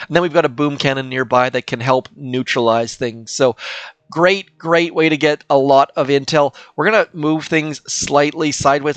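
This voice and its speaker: A man's voice: fairly high pitch, a bit bright, smooth, no room sound. An older man casually commentating his gameplay as a channel host, chatty and self-deprecating, thinking aloud as he plays.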